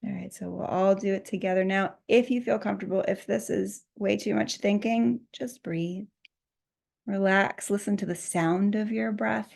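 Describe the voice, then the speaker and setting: Female meditation teacher, gentle guiding delivery, mid-range voice with some vocal fry. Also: mid-range voice. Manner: soft, gently guiding, laughs at herself. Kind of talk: guided meditation instruction.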